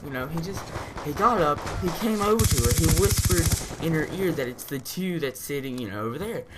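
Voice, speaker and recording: Rambling teen guy over loud gunfire. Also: fairly high pitch, expressive, fairly quick, heavy background noise. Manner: rambling, many fillers and restarts. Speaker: gaming channel host. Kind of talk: casual storytelling over gameplay. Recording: loud game gunfire behind the voice. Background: loud video game gunfire and shooting.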